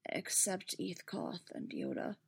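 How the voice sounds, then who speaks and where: A woman's voice: medium pitch, normal speed, lightly acted. A woman voicing a weary, dry male prisoner. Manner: dry and flat. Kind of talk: fan fiction read aloud.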